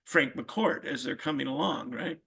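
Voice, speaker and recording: A man's voice: medium pitch, moderate pace, creaky, sharp tone, breathy edge. A man in his sixties hosting an interview, asking rambling questions full of fillers. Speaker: podcast host. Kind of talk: casual interview conversation.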